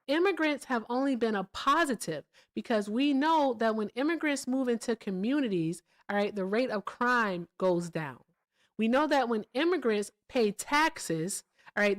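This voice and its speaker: A woman hosting a casual live stream, blunt and emphatic. She talks at a middling pitch and swears freely. She keeps punctuating her points with "all right?" and "okay?". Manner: blunt and profane. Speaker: livestream host. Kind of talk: casual livestream chat and commentary.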